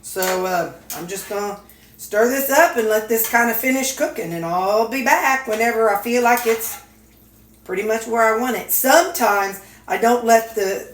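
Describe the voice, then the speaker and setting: A woman's voice: fairly high pitch, a little hiss or hum. A woman vlogger cooking at home in a casual, folksy way, chatting to her viewers and dogs. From Missouri, USA. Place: home kitchen. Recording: echoey kitchen with sizzling skillet.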